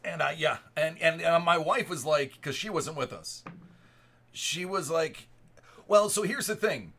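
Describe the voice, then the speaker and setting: A man in his thirties with a bright, forceful voice, telling a personal story to a live chat. He rambles and restarts his sentences often. His pitch sits a little high for a man. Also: expressive, a little slow, slightly rough. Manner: rambling, restarts and repeated words. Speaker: live stream host.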